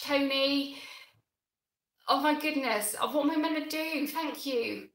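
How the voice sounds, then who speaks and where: A woman hosting a gardening channel's live stream chat, flustered and excitable, halting with many restarts. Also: sits high. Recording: roomy room echo.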